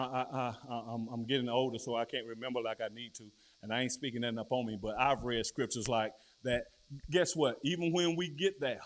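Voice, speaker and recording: A middle-aged man preaching a sermon in plain, colloquial speech, rising to loud declarations and dropping into low storytelling.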